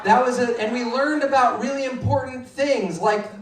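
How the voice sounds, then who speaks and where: A young man doing a stand-up set, acting out kids in sudden shrill shouts. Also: normal speed, far from the mic, slight background noise. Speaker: stand-up comedian. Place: club stage, roomy. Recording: roomy live club sound from afar.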